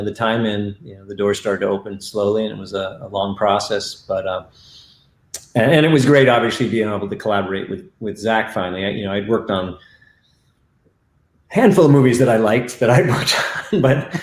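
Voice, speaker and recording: A man who works as a stunt coordinator, recounting his career in a reflective, halting way with many fillers over a video call. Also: lowish voice, reverberant. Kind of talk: storytelling in a remote stream interview.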